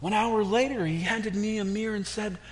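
A man's voice: steady tone, normal speed, a little hiss or hum, natural voice. A man voicing a talking clay teacup that cries out and pleads through its shaping, told as a story within a sermon. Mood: pleading. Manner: high, strained, pleading cries.

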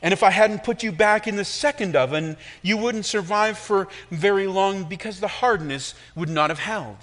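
A man voicing a patient potter who calmly explains why he shaped his clay, told within a sermon story. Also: sits high, normal speed, pitched above the performer's own voice. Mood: reassuring. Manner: calm, reassuring explanation. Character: patient, calm male potter shaping clay.

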